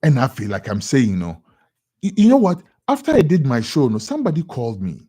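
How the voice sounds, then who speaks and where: A young Ghanaian man with a Ghanaian accent giving an animated editorial commentary on radio, often repeating words for emphasis. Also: mid-range voice, brisk, husky.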